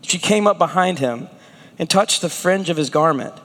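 A man's voice: on the high side, lively intonation, normal speed, fairly bright tone, in a large hall. A man preaching a sermon as a pastor, acting out the prayers and words of the people he talks about.

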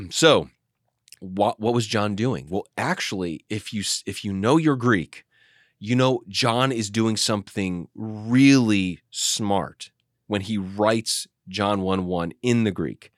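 Pastor, male, low voice, dry close mic, earnest teaching tone with frequent restarts. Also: slow pace, dry recording. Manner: explanatory, animated, with frequent restarts. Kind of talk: teaching discussion.

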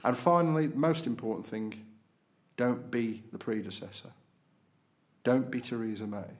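A man's voice: mid-range voice, lively intonation, moderate pace, darkish tone. A man hosting a podcast, chatting casually through local and political news with frequent fillers. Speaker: podcast host.

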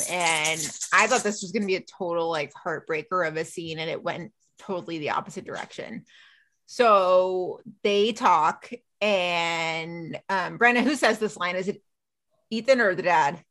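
A woman's voice: lowish voice, a little slow. A woman hosting a podcast, retelling a TV episode in casual chat and acting out the characters' lines. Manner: animated, acts out characters' lines while retelling. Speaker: podcast host.

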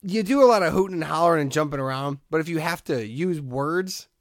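A man hosting a podcast in casual chat, telling stories in a rambling, animated way and laughing often. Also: a little high, fairly quick, no echo, studio quality. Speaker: podcast host.

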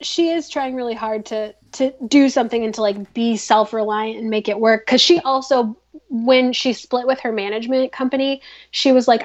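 A woman's voice: on the high side, fairly quick, dull audio. A woman hosting a podcast, recapping a drama in a chatty, filler-heavy way. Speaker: podcast host. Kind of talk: casual drama recap chat.

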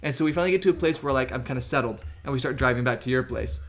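A young man telling a story in a casual chat as a podcast co-host, animated and laughing as he goes. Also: medium pitch, very fast.

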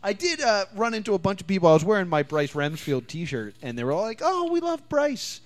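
A man's voice: high voice, quick pace. A man hosting a podcast, telling stories in casual chat and laughing often. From New Jersey. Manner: animated storyteller, laughs often. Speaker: podcast host.

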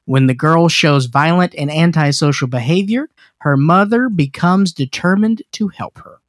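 A man's voice: on the high side, normal speed, no echo. Dry-voiced man rambling through film chat. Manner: rambling, joking, with many restarts. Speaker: podcast co-host. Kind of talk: casual chat about horror films.

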